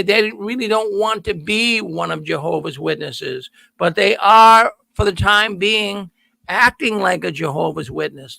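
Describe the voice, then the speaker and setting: A man's voice: high-pitched, gravelly, pushed and bright, no echo. A middle-aged man hosting a call-in show, talking to viewers in a folksy, emphatic way and repeating words for stress. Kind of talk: energetic monologue to viewers. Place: studio.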